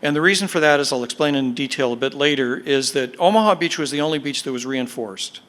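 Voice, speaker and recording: A man giving a history lecture to an audience, explaining in a measured way with fillers and emphatic stresses. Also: mid-range voice, a bit bright. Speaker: guest speaker, military historian. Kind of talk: podcast lecture.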